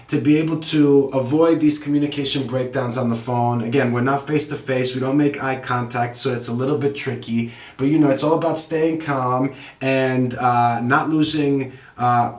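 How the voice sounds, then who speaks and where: Guy teaching english online, upbeat and encouraging, talks right at you, echoey room. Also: mid-range voice. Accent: native English. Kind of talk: casual online lesson. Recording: roomy echo.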